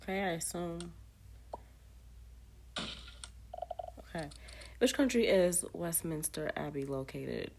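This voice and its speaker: A woman with a lowish voice talks herself through a trivia game, reading each question aloud and reacting in loose, offhand asides. Her pitch swings widely between flat mutters and sudden jumps. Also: slow, vocal fry, long pauses, a little hiss or hum. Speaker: player of a trivia app. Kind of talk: casual gameplay commentary.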